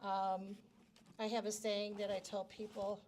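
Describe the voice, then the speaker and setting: A woman's voice: medium pitch, flat delivery, a little slow, darkish tone, slight background noise. A middle-aged woman giving a prepared personal speech as grand marshal at a reception, talking in a chatty, self-deprecating way into a handheld microphone. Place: reception hall.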